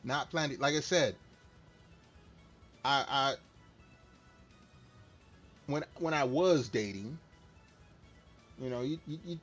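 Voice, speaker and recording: A man's voice: medium pitch, slow pace, long pauses, fairly bright tone. A middle-aged man chatting casually while streaming a game, rambling, candid and self-deprecating. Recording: slightly dull lo-fi stream mic with faint music.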